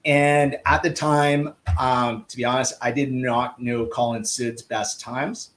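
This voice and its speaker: Male guest, swim coach, casual anecdotal storyteller, lively delivery with acted-out dialogue. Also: medium pitch, takes it slowly, low-quality recording. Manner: lively, acts out quoted dialogue.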